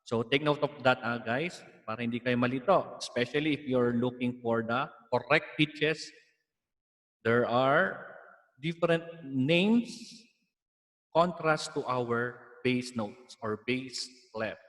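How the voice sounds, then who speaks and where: A man's voice: medium pitch, takes it slowly, a bit bright, big-room sound. A man with a Filipino accent teaching an online music lesson, explaining patiently and slipping in Tagalog asides.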